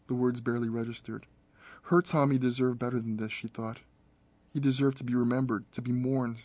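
Audiobook narrator: man, measured and steady, mid-range voice, close dry recording. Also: medium pitch, no echo.

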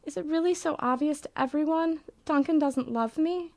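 A woman voicing a sharp-tongued, insecure young bride with a cutting, haughty delivery, pitched above her own voice. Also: very animated, normal speed, dry recording. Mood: haughty, wounded.

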